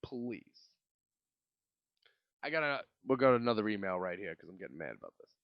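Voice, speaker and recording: Rapid-fire and fairly low-pitched, with big swings in pitch, a young man from Brooklyn rants through a casual solo podcast monologue. He rambles, curses and restarts often, and the dry recording sounds lo-fi.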